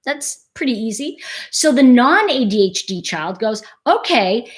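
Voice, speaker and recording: A woman's voice: fairly high pitch, lively intonation, normal speed. A woman hosting a casual explanatory monologue, talking animatedly and explaining things through acted-out everyday scenarios. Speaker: host.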